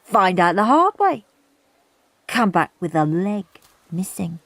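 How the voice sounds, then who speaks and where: A woman's voice: medium pitch, very animated, slow pace, a bit bright, dry recording, full character voice. A woman voicing a mischievous, scheming young boy who teases the other kids in a sly tone. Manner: sly, teasing.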